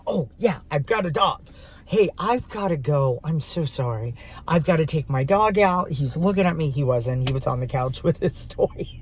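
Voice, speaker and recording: A man casually telling a dating story to camera, animated and dramatic, laughing often. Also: high voice. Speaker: vlogger.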